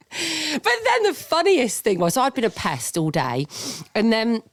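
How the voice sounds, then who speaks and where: A woman's voice: a little high, a little slow, dry recording, studio quality. A woman co-hosting a chat show, chatting with lots of laughter and reading listener messages aloud. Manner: giggly, animated, reads listener stories aloud. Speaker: co-host. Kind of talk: casual chat.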